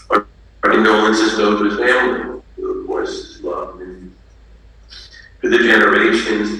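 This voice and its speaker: A low-voiced man officiates at a funeral and reads out the family in a halting, measured way. His voice has a crisp, bright edge. He is picked up from a distance in a very echoey room with faint noise behind. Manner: halting, with restarts and fillers. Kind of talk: funeral address.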